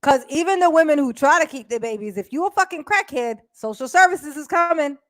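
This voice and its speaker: A woman doing casual live-stream commentary, blunt and profane, chatting directly with her viewers and breaking into quick laughs. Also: sits high, lively intonation, no room sound, studio quality. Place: indoors at home.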